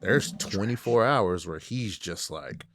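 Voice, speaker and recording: A man's voice: deep voice, lively intonation, slow, a bit bright, no echo. A man co-hosting a casual podcast, mostly giving short agreeing replies. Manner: brief agreeing backchannels. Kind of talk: casual chat.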